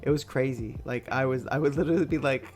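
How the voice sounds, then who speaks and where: A man's voice: medium pitch, fast talker, darkish tone, soft background music. A young man hosting a podcast, telling a story in a casual, rambling way, swearing freely and laughing often. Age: young adult. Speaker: podcast host.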